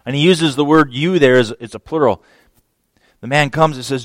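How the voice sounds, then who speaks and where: A man's voice: mid-range voice, moderate pace, no room sound. A man preaching a sermon who acts out scripture dialogue, raising his voice for the quoted characters.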